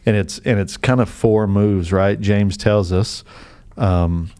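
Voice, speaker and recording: Earnest low-voiced man teaching. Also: fairly even intonation, slow, mellow, clean tone. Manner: earnest, explains scripture with casual asides. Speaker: podcast co-host. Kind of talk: casual podcast chat. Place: studio.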